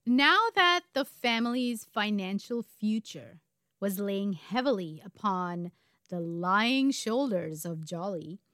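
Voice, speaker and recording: A woman's voice: medium pitch, lively intonation, slow pace, a bit bright, no room sound, studio quality. A woman in her forties from India, co-hosting a podcast and telling a true crime story in a casual way with wry asides.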